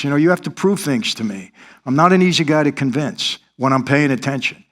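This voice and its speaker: A man's voice: on the high side, moderate pace, a bit bright. A middle-aged man, telling his life story in earnest, confessional style as an interview guest. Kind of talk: interview testimony.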